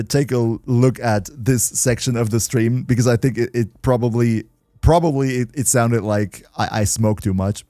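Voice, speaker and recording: A man's voice: mid-range voice, darkish tone, no room sound, studio quality. A man chatting casually on a game livestream, playful, laughing often and restarting his sentences. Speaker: game streamer.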